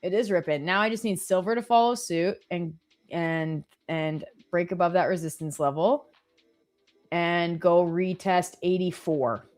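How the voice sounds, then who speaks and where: A young woman with a slightly low voice chats her way through a live trading stream. She tells stories loosely and fills them with "like". Faint music plays underneath. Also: steady tone, a little slow, a little mellow. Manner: chatty, storytelling, lots of "like". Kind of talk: casual chat.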